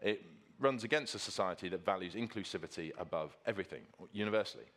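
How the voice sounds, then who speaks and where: A man's voice: low-pitched, fast, a bit bright. A man preaching a sermon with slides, earnest and emphatic, repeating key phrases for stress.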